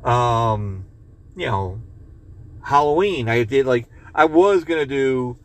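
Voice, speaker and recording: Hosting his podcast in a casual, loose ramble, a man curses, reads a joke aloud and cracks himself up. He speaks slowly at a medium pitch with lively intonation.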